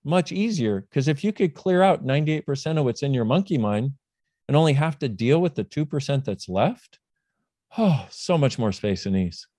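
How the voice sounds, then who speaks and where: A man speaking as a podcast guest, explaining an idea in a lively, jokey way and acting out little dialogues. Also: mid-range voice, moderate pace, no echo. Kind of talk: casual explanatory talk.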